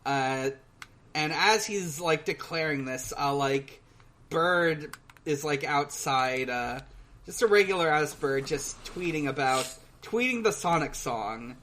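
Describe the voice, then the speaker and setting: Slow, halting male podcast co-host. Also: fairly high pitch, lively intonation, pushed and bright. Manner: hesitant, halting, full of pauses and filler sounds. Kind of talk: casual chat recapping a cartoon.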